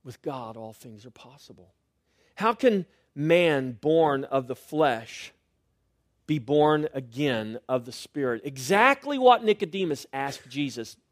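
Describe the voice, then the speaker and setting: A middle-aged male pastor preaching a sermon, swinging between loud rising lines and quiet, hushed refrains. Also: medium pitch, animated, slow, no echo, clean studio sound.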